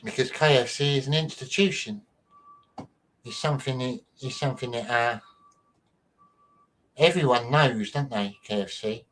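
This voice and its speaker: Rambling host with a softened Manchester accent. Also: male voice, mid-range voice, moderate pace, pauses often. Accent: mild Mancunian, softened by London. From near Manchester, England. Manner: rambling, repeats himself, chatty asides. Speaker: show host. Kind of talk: casual chat.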